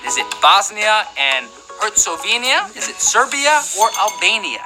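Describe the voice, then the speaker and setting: A man's voice: high voice, big pitch swings, normal speed, over music, poor audio. A man hosting a live trivia game show, playful and jokey, keeping the energy up.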